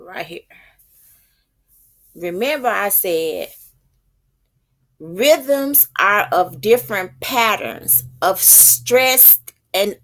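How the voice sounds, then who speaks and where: A woman teaching poetic meter in an informal spiritual talk, thinking aloud, slowing down to read terms and stumbling over unfamiliar words. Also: mid-range voice, a bit bright.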